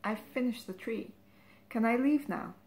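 A woman's voice: mid-range voice, normal speed, close to an everyday voice. A defiant young painter demands what she is owed, as a woman reading aloud plays her. Her voice is insistent and blunt, lifted slightly above the narration.

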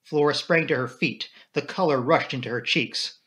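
Bright-voiced male audiobook narrator. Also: medium pitch, normal speed. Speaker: amateur audiobook reader. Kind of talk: first-person narration of a novel.

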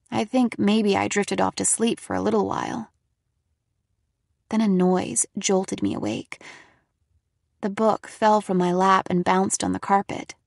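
Slow gravelly woman narrating a horror story. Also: mid-range voice, no room sound, studio quality. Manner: dramatic, shifting into loud frightened shouts for quoted lines. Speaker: audiobook reader. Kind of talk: first-person audiobook narration.

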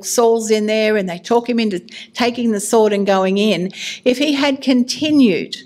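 A woman's voice: mid-range voice, darkish tone. Middle-aged woman preaching, honest and jokey about herself, laughs a lot. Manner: candid, self-mocking, laughs at herself. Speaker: minister. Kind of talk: sermon.

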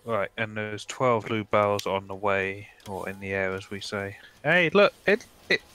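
A man playing a multiplayer game with friends, casual and deadpan, thinking aloud as he goes. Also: on the low side, normal speed, clean tone. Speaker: co-player.

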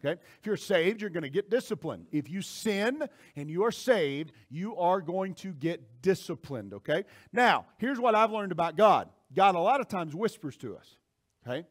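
A male pastor preaching a sermon, moving between quiet asides and loud shouted points. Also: high-pitched, normal speed. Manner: animated preaching, swings from soft asides to shouting.

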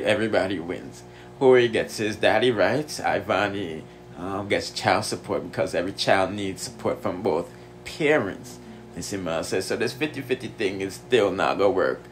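A man's voice: sits low, a little hiss or hum. A man with a Jamaican accent hosting a gossip show, talking casually and repeating tag phrases. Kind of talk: casual commentary.

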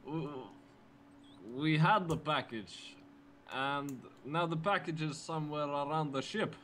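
A man's voice: on the high side, slow pace, fairly bright tone, a little hiss or hum. A man playing a character in a tabletop role-playing game, speaking in character in a playful way. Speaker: player.

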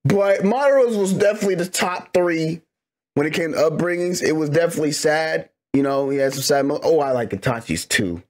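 A man's voice: on the high side, lively intonation, a little fast, a little mellow. A young man hosting a reaction video, chatting casually in a rambling, slangy way with laughing asides. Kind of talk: casual chat.

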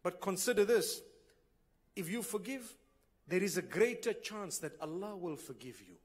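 Male preacher, high voice, earnest, rhetorical questions and loud exclamations, sermon to a gathering. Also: lively intonation, normal speed, husky. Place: gathering hall.

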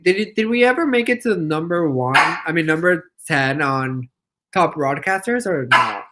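A young man from Mexico chatting casually on a livestream, reading comments out loud, playful and giggly, and squealing at his pet. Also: on the high side, lively intonation, moderate pace, heavy background noise. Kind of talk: casual live-stream chat reading comments.

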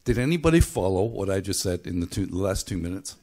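A man's voice: deep voice, lively intonation, fast talker, mellow. A middle-aged or older man from Belfast giving a sermon as pastor, speaking thoughtfully with frequent halts and restarts. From Belfast, Northern Ireland. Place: church.

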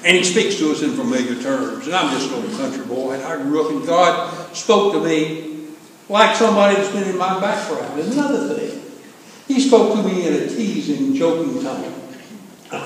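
High-voiced older preacher. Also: male voice. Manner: folksy, humorous storytelling. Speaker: pastor. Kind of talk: sermon. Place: church sanctuary. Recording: echoey hall from far off, faint hiss.

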